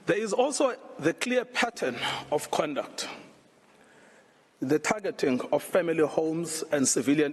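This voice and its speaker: A man delivering a formal, measured legal argument to a court. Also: fairly high pitch, breathy edge. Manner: measured, grave, deliberate. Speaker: lawyer addressing a court. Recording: long reverb in a large hall.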